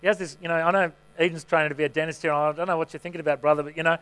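A man's voice: a little high, flat delivery, racing, a bit bright, clean tone. A middle-aged man, a pastor, preaching a sermon in a conversational way, telling stories that poke fun at himself. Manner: conversational, self-mocking storytelling.

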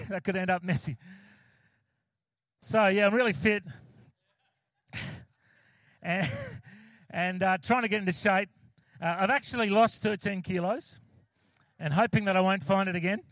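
A man's voice: high voice, a bit bright, dry recording. A man, a pastor giving a casual, joking sermon with many fillers and restarts, close to the mic.

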